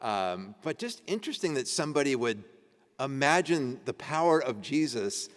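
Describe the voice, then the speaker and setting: A man's voice: mid-range voice, big pitch swings, moderate pace. A man teaching an adult education class at a church, reading ancient texts aloud and talking them over casually. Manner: conversational, laughing while reading old texts aloud. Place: church meeting room. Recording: church hall reverb.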